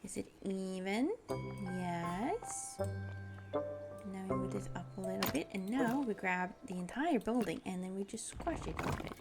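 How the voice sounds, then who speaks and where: Speaking a little slowly in a medium-pitched voice, a young woman streams a building game over background music. Her casual gameplay chat is bubbly and giggly as she narrates everything she does.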